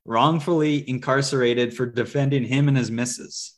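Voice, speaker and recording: A man's voice: medium pitch, fairly even intonation, moderate pace. Rambling casual man reviewing movies. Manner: rambling, many fillers and restarts. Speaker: podcast co-host.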